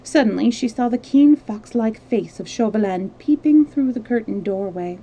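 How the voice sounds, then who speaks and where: Mellow-voiced woman reading a novel aloud. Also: on the high side, normal speed, rough recording. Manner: steady reading with small slips and restarts. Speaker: storyteller.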